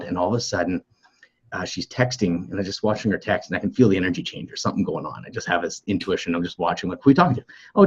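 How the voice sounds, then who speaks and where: A man co-hosting a relationship coaching podcast, telling lively stories and acting out other people's lines. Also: sits low, slightly rough, lo-fi sound. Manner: animated storyteller acting out quotes. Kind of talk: live coaching conversation.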